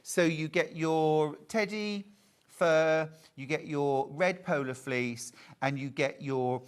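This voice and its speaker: A man's voice: fairly high pitch, slow, smooth. A man presenting a live sewing shopping show in a chatty, playful sales patter.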